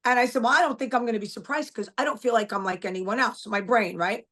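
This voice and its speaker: Middle-aged woman guest, blunt and emphatic, a bit higher-pitched, casual interview talk. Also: quick pace, fairly bright tone. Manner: blunt, emphatic, repeats herself. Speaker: guest, author.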